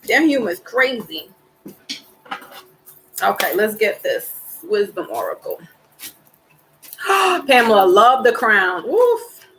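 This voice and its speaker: A woman's voice: mid-range voice, very animated, slow, long pauses, a bit bright, slight background noise, rough recording. A woman giving a casual tarot card reading, chatty and rambling as she talks straight to her viewers. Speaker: tarot reader.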